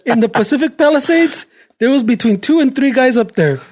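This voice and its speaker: A man's voice: very high-pitched, lively intonation, a little fast, darkish tone. Bilingual LA guy, teasing banter. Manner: switches between English and Spanish, teasing. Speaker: podcast co-host. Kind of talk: casual chat.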